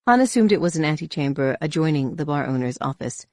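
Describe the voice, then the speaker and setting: Steady male audiobook narrator. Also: fairly high pitch, fast talker, no echo, studio quality. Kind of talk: scripted narration.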